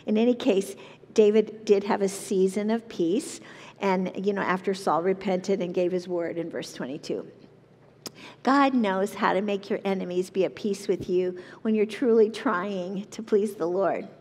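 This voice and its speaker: A woman leading a Bible study, reading verses aloud and explaining them in an earnest, measured way. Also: medium pitch, darkish tone, in a large hall. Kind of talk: reading and teaching scripture.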